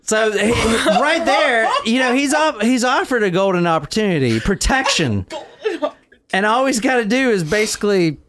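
A man's voice: sits high, big pitch swings, normal speed, a crowd in the background. A man hosting a casual podcast, rambling, swearing and laughing as he tells the story. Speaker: podcast host.

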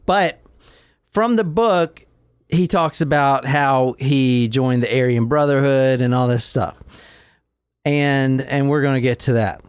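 A man's voice: medium pitch, clear, resonant tone, dry recording, clean studio sound. A man hosting a casual podcast, rambling, swearing and laughing as he tells the story. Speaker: podcast host.

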